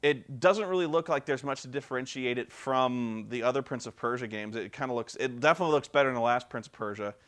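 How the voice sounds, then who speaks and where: A man vlogs casually about video games in an ordinary mid-pitched voice. He rambles, circles back and restarts his sentences often. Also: fast, few pauses, fairly bright tone. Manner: rambling, many fillers and restarts. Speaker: video game vlogger. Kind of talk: casual chat.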